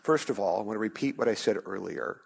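A man's voice: lowish voice, fast talker, gravelly, slightly rough. A man preaching a sermon as a pastor, earnest, often restarting his sentences and lifting his voice on key phrases.

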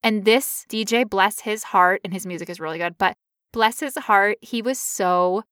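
Young woman telling a story, animated, squeaky quoted bits, bright and dry. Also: moderate pace, clean tone, dry recording. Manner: animated, acts out quotes in high voices. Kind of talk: casual storytelling chat.

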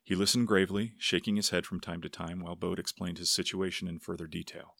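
A man narrating a story aloud in a steady, unhurried manner. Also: low-pitched, vocal fry, no echo, studio quality. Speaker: audiobook narrator. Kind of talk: scripted narration.

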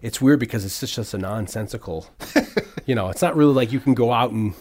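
A man's voice: mid-range voice, brisk, darkish tone. A middle-aged man hosting a podcast, chatting casually about movies, rambling with many restarts and fillers. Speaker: podcast host.

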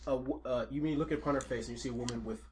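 A man's voice: medium pitch, racing, background noise. A man running a tabletop role-playing game as game master, laughing often and improvising character lines.

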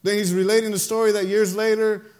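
Male pastor, sermon. Very high voice, impassioned, emphatic. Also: level tone, fast, a little mellow. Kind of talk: sermon with storytelling.

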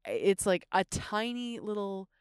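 Woman, podcast co-host, casual debate, thinks out loud, medium pitch, smooth clear voice. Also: animated, takes it slowly, dry recording, clean studio sound. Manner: reasoning aloud with fillers and laughs.

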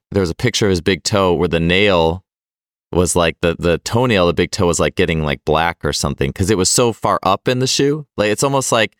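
A man hosting a podcast interview, talking in a relaxed, chatty way. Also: deep voice, dry recording, clean studio sound. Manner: relaxed, chatty, laughs easily. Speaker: podcast host.

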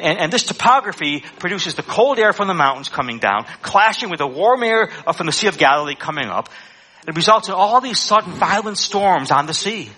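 A man delivers a sermon in a bright, slightly husky voice that sits a little high. He preaches with animated energy and acts out the lines he quotes. Fillers slip in between his points.

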